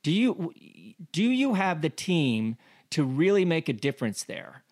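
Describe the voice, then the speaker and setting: A man's voice: fairly high pitch, sing-song, measured pace, darkish tone. A man co-hosting a casual cycling talk show, analysing a race with lots of rhetorical questions and fillers. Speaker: cycling podcast co-host.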